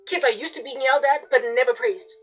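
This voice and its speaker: A high-voiced young woman with a South African accent delivers a heartfelt, aggrieved monologue straight to her viewers. She jumps between quiet confession and sharp, loud impressions of yelling. Faint music plays underneath her. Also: fast. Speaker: video blogger. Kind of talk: emotional personal monologue.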